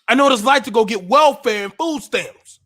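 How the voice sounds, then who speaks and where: A high-pitched man, speaking on a livestream. He lectures with deep emotion and a preacher's rhythm, pushing his voice up into shouts. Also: brisk. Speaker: podcast host. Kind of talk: impassioned livestream monologue.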